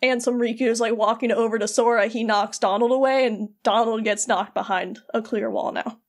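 A woman co-hosting a podcast, retelling a video game's story in casual chat, animated and quoting characters in playful voices. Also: a little high, fairly quick. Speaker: podcast co-host.

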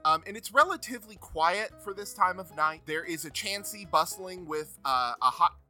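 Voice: medium pitch, animated, moderate pace, pushed and bright, faint music behind. A game master narrating a tabletop role-playing game in an easygoing, descriptive way.

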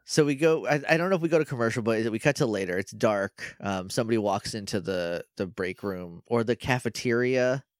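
A man's voice: on the low side, brisk, few pauses, no echo, studio quality. A young man co-hosting a podcast, rambling through a recap in casual chat and acting out lines in silly voices. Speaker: podcast co-host.

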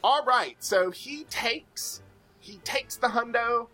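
A game master narrating a tabletop game, setting scenes in a playful, drawn-out way. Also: medium pitch, expressive, bright, forceful tone, faint music behind.

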